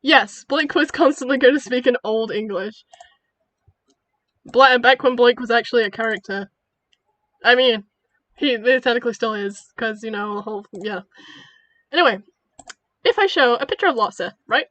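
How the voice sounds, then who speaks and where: A woman's voice: fairly high pitch, moderate pace, long pauses, a bit bright, no echo, dull audio. A young woman chatting casually in her bedroom, rambling and giggling as she talks through her old story ideas. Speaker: creator of the channel.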